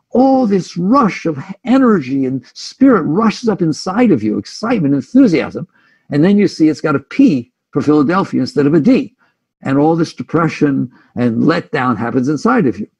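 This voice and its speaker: A man's voice: fairly high pitch, gravelly, a little mellow, husky, muffled recording. A man giving a reflective, conversational spiritual talk as a teacher, sometimes speaking his listeners' inner thoughts aloud.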